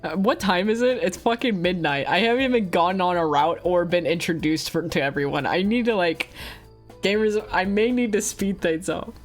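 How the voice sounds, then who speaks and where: A woman's voice: lowish voice, normal speed, faint music behind. A woman streamer chatting casually over a visual novel, reading its text aloud and swearing and laughing between lines. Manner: profane, giggly, reads game text aloud with asides.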